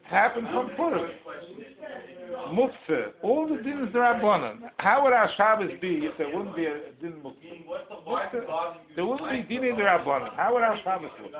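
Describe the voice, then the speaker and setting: Rabbi telling a story over crowd noise. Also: male voice, sits high. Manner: animated storyteller, repeats and restarts. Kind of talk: storytelling talk at a holiday gathering. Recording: tinny lo-fi recording with crowd.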